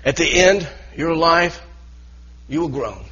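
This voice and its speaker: Husky preacher guy, earnest sermon, lots of restarts, dull lo-fi sound. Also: fairly high pitch, expressive, takes it slowly, sharp tone. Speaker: pastor.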